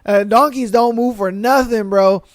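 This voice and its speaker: Young dude podcast host, kinda high smooth voice, super dry sound, swearing a lot and doing goofy voices. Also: male voice, steady tone, measured pace, dry recording. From western United States. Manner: loose and profane, acts out animals and drivers in shouted voices. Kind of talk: casual solo podcast chat, reading and reacting to stories.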